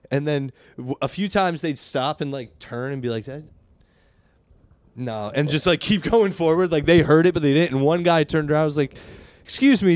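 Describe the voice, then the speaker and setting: A man's voice: a little high, a little mellow, no room sound. A man hosting a casual comedy podcast, telling stories and laughing often as he talks. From from Connecticut area. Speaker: podcast host.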